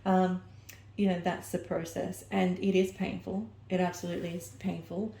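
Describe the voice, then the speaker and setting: A woman's voice: lowish voice, little pitch movement, moderate pace, vocal fry, mellow, echoey room, slight background noise. A woman giving an oracle card reading, rambling and searching for her words as she corrects herself mid-sentence. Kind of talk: personal oracle reading to camera.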